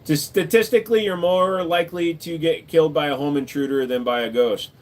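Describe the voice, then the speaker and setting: A man's voice: on the high side, brisk. Laid-back joking livestream guy. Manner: laid-back, joking, swears casually, lots of "uh" and "dude". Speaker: livestream host answering chat. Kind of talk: casual chat.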